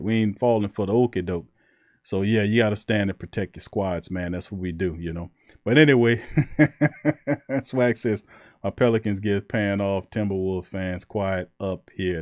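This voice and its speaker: A man hosts a casual sports livestream, talking in a loose, slangy way and shouting out viewers from the chat. His voice sits fairly low, and the sound is dry and close. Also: no echo. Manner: loose, slangy, reads chat names aloud.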